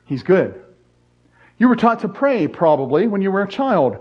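A man's voice: sits high, sing-song, normal speed, pauses often, slightly rough. A middle-aged man preaching a sermon as a pastor, earnest and repetitive in his emphasis, with joking asides. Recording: dull lo-fi sound.

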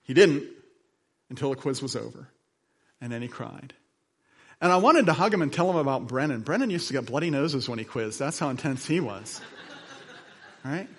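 A male pastor preaching a sermon, moving from quiet, slow passages to loud, emphatic ones, with chatty asides as he tells stories. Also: lively intonation, husky. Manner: dynamic delivery, swinging between soft lows and emphatic highs; conversational storytelling with asides.

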